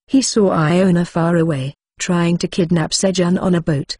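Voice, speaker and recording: A woman narrating a web novel audiobook in an even, steady reading tone. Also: lowish voice, moderate pace, hardly any pauses, husky, no room sound, studio quality.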